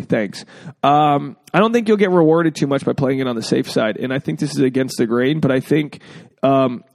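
A man's voice: medium pitch, gravelly, darkish tone, no room sound. A man hosting a casual podcast, joking freely and acting out quotes in exaggerated voices. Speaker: podcast host.

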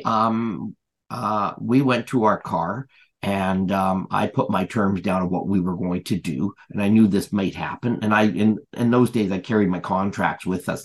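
Man, podcast guest, husky voice, lowish pitch, rambling anecdote, lots of ums and restarts. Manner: rambling, many fillers and restarts, retells dialogue. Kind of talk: casual anecdotal storytelling.

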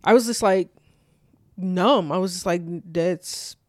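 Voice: mid-range voice, normal speed, no room sound. Young adult, casual filler-heavy storyteller, dry sound. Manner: loose, filler-heavy speech with many "like"s. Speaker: guest telling a personal story.

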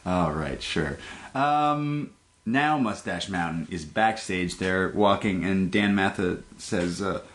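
Speaking slowly in a low-pitched voice, this male co-host chats casually on a podcast about wrestling. His storytelling is lively and broken up by frequent laughter as he retells what happened.

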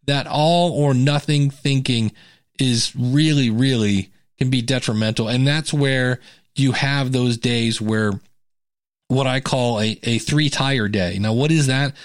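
A man hosting a podcast in a casual, conversational way, animated and acting out quoted thoughts. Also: mid-range voice, no room sound, clean studio sound. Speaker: podcast host.

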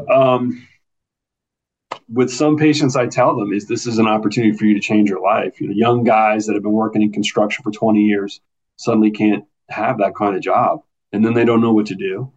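In muffled, lo-fi audio, an American man who is a neurosurgeon talks earnestly as a guest in a conversational interview, walking through explanations step by step and often restarting. His voice is fairly low, husky, and steady, at a moderate pace.

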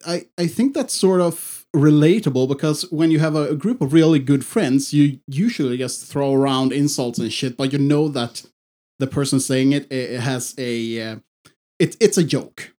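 A man's voice: medium pitch, moderate pace, dark tone. A man co-hosting a casual podcast, rambling and swearing freely, with frequent restarts. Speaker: podcast co-host.

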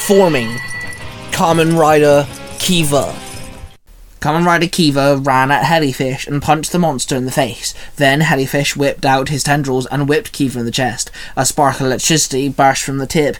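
A man reading a fan story aloud in a casual way, with small slips and restarts. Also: mid-range voice.

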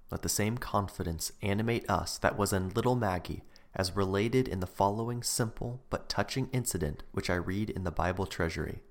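A man reading a sermon aloud in an earnest, measured way. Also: deep voice. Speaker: preacher. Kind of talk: read sermon.

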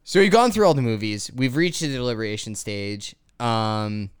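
A man's voice: medium pitch, normal speed, clear, resonant tone. Hesitant man hosting a podcast. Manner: hesitant, restarts a lot. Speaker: podcast host. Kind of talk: casual podcast chat.

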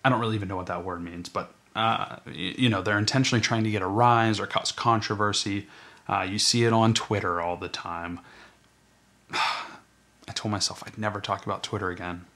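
Casual low-voiced male podcaster. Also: steady tone, moderate pace, a bit bright. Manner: casual, self-deprecating, rambling with restarts. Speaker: podcast host. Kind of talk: solo podcast monologue.

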